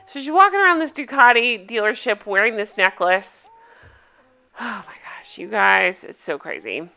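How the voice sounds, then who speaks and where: A woman's voice: mid-range voice, bright, forceful tone. A woman hosting a casual TV recap video, talking bluntly and emphatically and swearing freely. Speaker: reality TV recap host.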